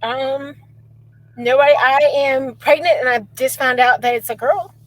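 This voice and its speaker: A young woman, a client on a call, talking softly and laughing often. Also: sits high, steady tone, measured pace, dry recording, low-quality recording. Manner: soft, giggly.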